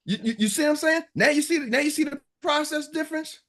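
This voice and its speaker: A man's voice: extremely high pitch, quick pace, fairly bright tone. A man leading a motivational sales coaching call, talking emphatically, repeating himself and acting out what customers say.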